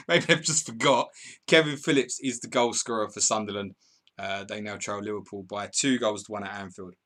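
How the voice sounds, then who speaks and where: A man's voice: on the low side, fairly even intonation, a little fast, a bit bright. A man hosting a live football stream, reading viewers' comments and calling match updates in a chatty, bantering way. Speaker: podcast host.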